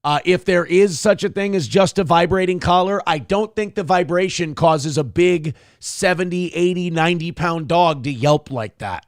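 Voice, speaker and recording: A man's voice: high voice, moderate pace, hardly any pauses, no room sound, studio quality. A man hosting a show, reacting to a clip with angry, mocking commentary full of swearing. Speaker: show host.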